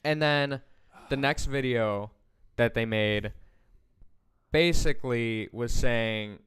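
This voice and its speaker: A young man chats casually as a podcast co-host, rambling and restarting his thoughts as he goes. His pitch sits in the middle of the range. His voice is very crisp and resonant. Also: slow pace, fairly bright tone. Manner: talkative, trails off and restarts mid-thought.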